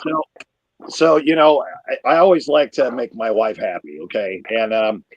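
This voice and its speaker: A man telling a crude, rambling stand-up story, getting loud when he acts himself out. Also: mid-range voice, moderate pace, husky, muffled recording. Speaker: comedian. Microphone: video call.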